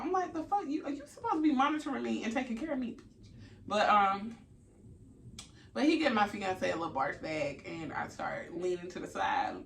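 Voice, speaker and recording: Lady vlogger telling a story all dramatic, cussing a lot, kinda fry-voiced, echoey room. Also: mid-range voice, a little hiss or hum. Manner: theatrical, animated, swears freely. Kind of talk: casual storytelling. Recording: echoey room, distant mic.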